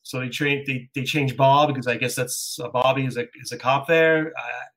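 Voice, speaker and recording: A man, a screenwriter, chatting casually in an interview, relaxed and a little hesitant as he tells stories. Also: medium pitch, moderate pace, poor audio.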